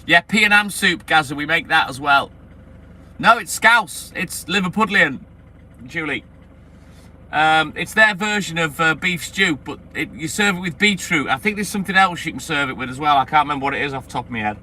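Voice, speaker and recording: Out on his milk round beside a vehicle, the milkman streamer rambles in a friendly, chatty way to live viewers, his voice on the high side, lively, brisk, bright and forceful. It's a noisy outdoor phone stream, with street and vehicle sounds in the background.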